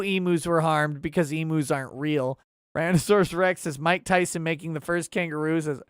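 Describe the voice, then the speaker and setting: A man's voice: on the high side, wildly swooping pitch, moderate pace, clean tone, no room sound, studio quality. A man hosting a casual livestream talk show and reading viewer messages aloud with sarcasm and mock outrage.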